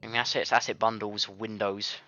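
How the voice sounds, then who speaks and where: A man's voice: lowish voice, little pitch movement, a little fast, pushed and bright, muffled recording. A man recording casual game commentary at his home studio, rambling, swearing and easily frustrated. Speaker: gaming video creator. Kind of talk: casual let's-play commentary.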